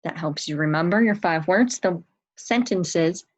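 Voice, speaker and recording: A woman's voice: on the low side, normal speed, rough recording. A woman teaching a spelling lesson to young children, patiently sounding out words and spelling them letter by letter. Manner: patient, encouraging.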